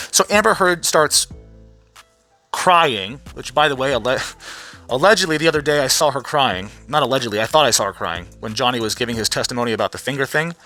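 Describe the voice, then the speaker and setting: A man's voice: medium pitch, expressive, a little fast, bright, forceful tone, faint music behind. A man vlogging with a blunt, sarcastic, profanity-laden rant, sounding tired. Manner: blunt, sarcastic, swears freely.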